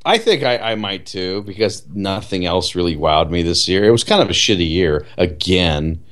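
A man co-hosting a casual movie chat, blunt, sarcastic and quick to swear. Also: deep voice, lively intonation, fairly bright tone.

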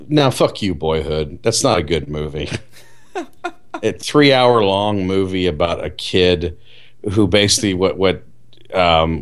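A man co-hosting a casual movie chat, blunt, sarcastic and quick to swear. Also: low voice.

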